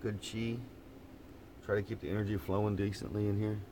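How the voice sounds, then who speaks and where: A man's voice: fairly low pitch, flat delivery, a little fast, noisy background. Easygoing man with Oklahoma twang. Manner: rambling, easygoing, repeats and restarts words, laughs often. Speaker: vlogger. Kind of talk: casual morning live chat. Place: inside an old camper van. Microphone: phone propped up in front of him.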